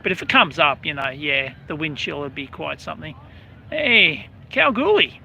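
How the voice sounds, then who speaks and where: A man's voice: on the high side, lively intonation, normal speed, vocal fry, sharp tone, a little hiss or hum. An Australian man hosting a casual outdoor live stream, chatting and greeting viewers by name in a rambling way. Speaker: livestream host.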